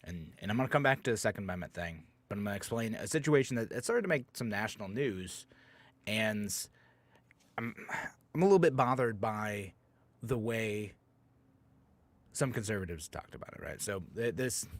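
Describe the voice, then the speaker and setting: A man's voice: lowish voice, lively intonation, normal speed, no room sound. A man hosting a call-in radio talk show, speaking casually with many fillers and restarts.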